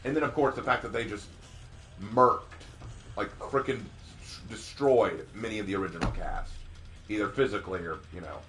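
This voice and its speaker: A man streaming live, casually answering viewer questions at length, sometimes ranting with rising excitement and sometimes explaining earnestly with restarts. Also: lowish voice, moderate pace, slight background noise. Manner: rants with rising, excited emphasis.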